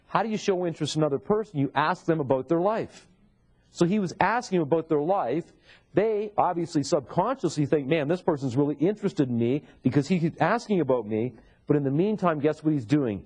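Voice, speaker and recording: Mellow-voiced man training a seminar audience. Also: fairly high pitch. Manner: asks the audience rhetorical questions. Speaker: sales trainer. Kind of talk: seminar lecture.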